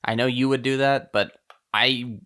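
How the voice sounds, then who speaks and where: A man's voice: medium pitch, steady tone, normal speed, pushed and bright. A man with a mid-range voice steers a casual podcast talk. He affirms the other speakers briefly and keeps things moving. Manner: affirming, moves the talk along.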